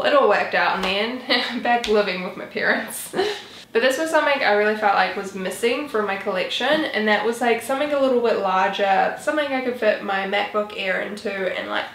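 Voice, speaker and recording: A chatty woman in her twenties talks casually, rambling and filling her sentences with "like" and "um". Her voice sits at a middle pitch and bounces around an echoey room, with a faint hiss of ambience behind it. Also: moderate pace, fairly bright tone. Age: 20s. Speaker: vlogger. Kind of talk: casual chat.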